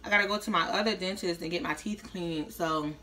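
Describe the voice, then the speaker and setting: Bright-voiced woman, slangy mukbang chat. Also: lowish voice, brisk, a little hiss or hum. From Tampa, Florida, US. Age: 30s. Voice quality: slightly slurred speech after orthodontist visit. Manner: slangy, chatty, talking while eating. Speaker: vlogger. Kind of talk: casual mukbang vlog chat.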